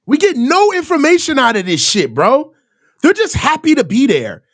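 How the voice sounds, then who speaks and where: Heated and sarcastic, a live reaction show host tears into a press conference, swearing constantly and imitating reporters in silly voices. The voice sits high with wildly swooping pitch, a bit bright, at a moderate pace, and the recording is dry. This is a profane sports rant.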